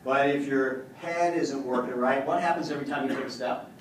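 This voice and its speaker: Animated joking man in an echoey room. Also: mid-range voice, a little fast, far from the mic, slight background noise. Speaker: chiropractor demonstrating on a patient. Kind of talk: live demonstration talk to an audience.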